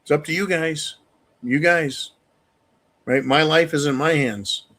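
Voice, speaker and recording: A man hosting a live-stream rant, angry and profane, with sudden loud outbursts. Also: a little high, a little slow. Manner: angry, profane, shouting bursts. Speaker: channel host.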